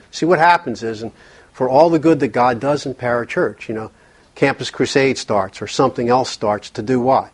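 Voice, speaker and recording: Husky-voiced man leading a workshop. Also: mid-range voice, moderate pace. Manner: earnest, repeats words while thinking. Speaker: workshop speaker. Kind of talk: conversational workshop talk.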